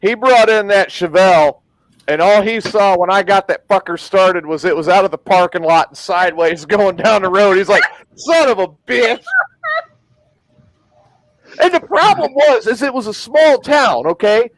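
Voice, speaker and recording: A man's voice: high-pitched, moderate pace, poor audio. A man telling profane, rambling stories in a casual chat, often laughing at his own tales. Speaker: podcast host.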